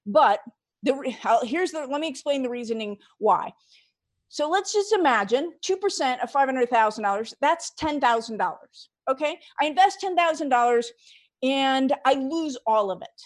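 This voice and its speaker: Higher-pitched woman explaining finances. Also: expressive, moderate pace. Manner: walks through figures step by step, emphatic. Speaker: financial advisor. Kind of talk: explanatory interview answer.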